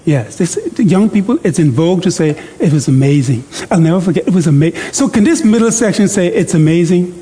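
Male preacher, interactive church sermon, warm mellow tone, jokey, slow deliberate scripture reading. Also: high-pitched, lively intonation, big-room sound, a little hiss or hum. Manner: jokey, coaxing the congregation into call-and-response; reads scripture slowly and deliberately.

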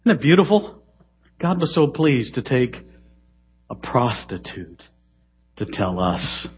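A middle-aged man preaching a sermon in a church, dramatic, swinging between loud emphasis and hushed asides. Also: mid-range voice, very animated, takes it slowly. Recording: dull, lo-fi sermon recording.

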